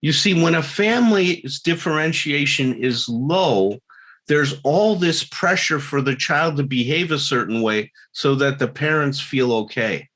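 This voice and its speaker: A man's voice: a little high, lively intonation, a little slow, fairly bright tone. A man giving a talk to a recovery group, earnest, laughing at himself now and then and acting out little quarrels. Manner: earnest, acts out quarrels in quoted voices.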